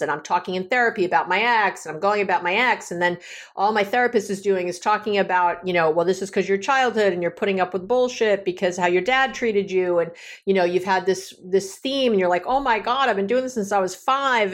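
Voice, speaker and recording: A woman therapist talks through her podcast in a loose, chatty way. She keeps checking in with the listener through little tag questions. She sits at an ordinary middle pitch for a woman. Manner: chatty, animated, frequent filler words and tag questions. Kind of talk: casual podcast monologue.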